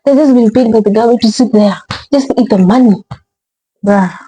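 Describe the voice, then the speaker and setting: Woman, casual reaction-vlog host, warm low-toned voice, rambling and exasperated. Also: fairly quick, husky, low-quality recording. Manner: rambling, exasperated, repeats words, says bruh.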